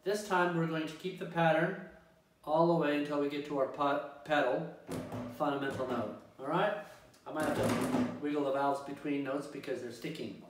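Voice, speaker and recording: A man teaching an online tuba class, speaking slowly and deliberately as he walks through exercises and counts in. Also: on the high side, steady tone, heavy reverb, recorded from a distance, slight background noise, rough recording. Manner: slow, deliberate instruction with counting. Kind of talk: online music lesson. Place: home practice room.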